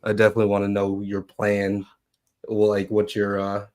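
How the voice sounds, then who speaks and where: A man co-hosting a podcast, musing with pauses and fillers. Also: lowish voice, completely flat delivery, a little mellow. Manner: thoughtful, hesitant with fillers. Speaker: podcast co-host. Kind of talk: casual chat.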